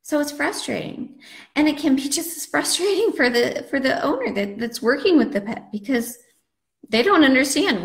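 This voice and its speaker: A woman's voice: high voice, expressive, moderate pace. Chatty woman dog trainer, echoey room. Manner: chatty and conversational, with frequent fillers. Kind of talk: live webinar lesson. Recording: roomy echo.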